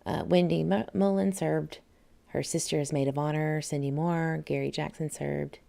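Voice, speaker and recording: Low-voiced Southern woman hosting a livestream. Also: steady tone, normal speed, gravelly, mellow. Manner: chatty, reads viewer comments aloud, laughs often. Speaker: livestream host. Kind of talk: casual livestream chat.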